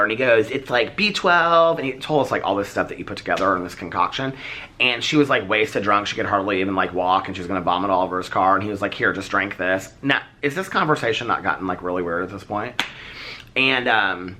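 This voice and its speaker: A man casually telling a story on his vlog, chatty and animated, acting out the dialogue as he goes. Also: on the low side, fast talker, slight background noise. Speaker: vlogger.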